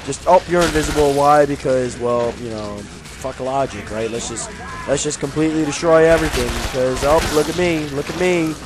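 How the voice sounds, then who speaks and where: A young man giving casual, jokey commentary while playing a video game, often yelling at enemies. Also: fairly high pitch, normal speed, background noise. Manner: excitable, jokey, yells at enemies. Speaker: gaming YouTuber.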